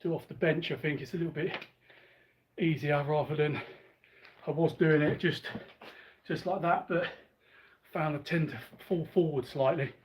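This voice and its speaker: Man, winded, panting between sets, casual workout chatter, slightly higher voice, device mic, faint background noise. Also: steady tone, normal speed, muffled recording. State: out of breath. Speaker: fitness streamer. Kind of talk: casual commentary while working out. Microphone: built-in device mic, no dedicated microphone.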